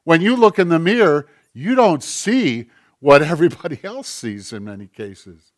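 A man's voice: on the high side, animated, moderate pace. Man preaching a conversational sermon. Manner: conversational preaching with acted-out quotes. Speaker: pastor.

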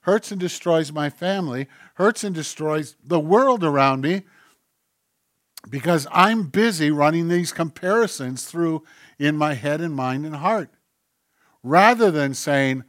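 A male pastor delivering a sermon, swinging between loud declarations and hushed, almost whispered asides, acting out the voices of churchgoers and God. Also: on the high side, animated, measured pace, dry recording, studio quality.

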